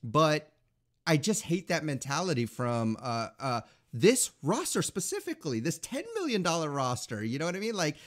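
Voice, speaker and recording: A man's voice: fairly high pitch, very animated, moderate pace. A man co-hosting a podcast in casual chat, rambling with lots of filler words. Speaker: podcast co-host.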